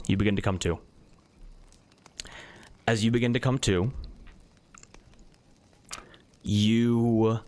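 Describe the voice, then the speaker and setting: Low-voiced male game master. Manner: descriptive, relaxed narration with many fillers. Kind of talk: narrating a tabletop game.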